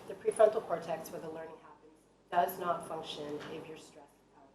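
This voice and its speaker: Low-voiced teacher explaining brain science. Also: female voice, brisk, low-quality recording. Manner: animated, explanatory, with fillers. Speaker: high school teacher. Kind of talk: presenting at a parent talk.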